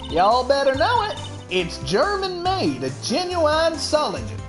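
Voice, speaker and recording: A chatty, homespun Southern country girl with a drawling Southern US accent, as a woman puts her on for a game reading. She speaks slowly, and her pitch swings up and down. A soft music bed plays behind her. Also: wildly swooping pitch, heavily acted. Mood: folksy. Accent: Southern US, put on. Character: folksy young Southern woman photographer.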